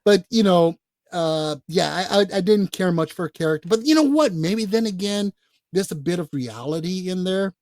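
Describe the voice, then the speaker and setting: A man co-hosting a podcast, talking casually about films in a blunt, profane, animated way. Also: high-pitched, moderate pace, no echo. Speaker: podcast co-host. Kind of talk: casual film chat.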